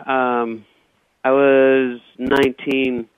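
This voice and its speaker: A man's voice: mid-range voice, flat delivery, extremely slow, smooth, no echo. Rambling stammering man on a phone line. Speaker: comedian guest. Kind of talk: casual comedic storytelling.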